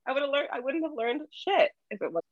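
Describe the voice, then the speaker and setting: A woman's voice: sits high, fairly quick, highs cut off, crowd noise. A young adult woman guest in casual chat, frank and laughing often, with some swearing, heard through an earbud mic. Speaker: podcast guest.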